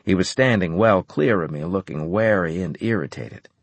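A man narrating a first-person story in an expressive, storytelling way. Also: low voice, normal speed, no echo. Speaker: audiobook narrator.

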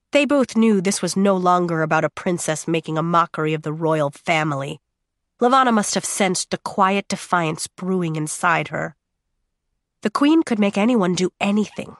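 Woman narrating a dark audiobook. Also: fairly low pitch, no echo, clean studio sound. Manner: steady, measured, drawn-out pauses.

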